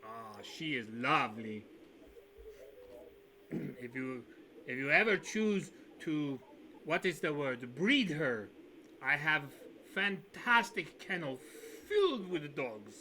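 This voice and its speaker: A man's voice: on the high side, sing-song, takes it slowly, pushed and bright, slight background noise, exaggerated voice. A man voicing a big, nimble male mercenary leader in a tabletop game, in a put-on foreign accent with grand, broken phrasing. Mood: hospitable.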